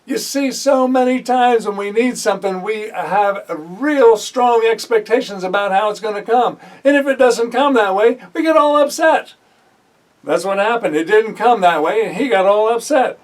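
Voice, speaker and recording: A man's voice: high voice, normal speed, few pauses, recorded from a distance, low-quality recording. A man teaching a sermon, reading scripture aloud and breaking off to comment conversationally, with frequent fillers and self-corrections. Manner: reads a passage, then stops to comment conversationally. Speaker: Bible teacher.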